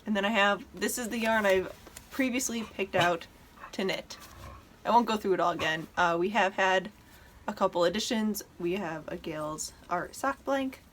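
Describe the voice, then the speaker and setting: A woman's voice: medium pitch, moderate pace, fairly bright tone, a little hiss or hum. Chatty woman showing her knitting. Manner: chatty, enthusiastic, talks to her dog. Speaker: knitting podcast host. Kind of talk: casual show-and-tell chat.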